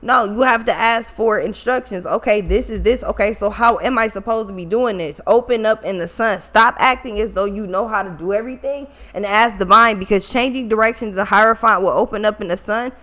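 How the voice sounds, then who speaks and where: A woman's voice: mid-range voice, a little fast, few pauses, pushed and bright. A woman giving a casual tarot reading, blunt and swearing freely, repeating points for emphasis, with features. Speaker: tarot reader.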